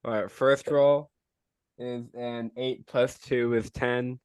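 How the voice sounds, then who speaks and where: A man's voice: mid-range voice, level tone, slow pace, a little mellow, clean tone, no echo. A man playing a tabletop game, easygoing and joking as he rolls dice. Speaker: player.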